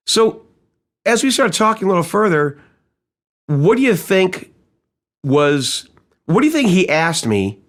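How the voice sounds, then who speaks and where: A man teaching sales in a casual, storytelling way, acting out quoted dialogue and asking his listeners rhetorical questions. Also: mid-range voice. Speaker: sales trainer. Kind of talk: conversational sales-training audiobook storytelling.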